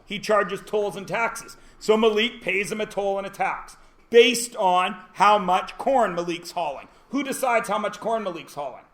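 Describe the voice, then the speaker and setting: A man's voice: high-pitched, unhurried, fairly bright tone. A man teaching a classroom lesson, joking and quizzing his students as he goes. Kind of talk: classroom lecture.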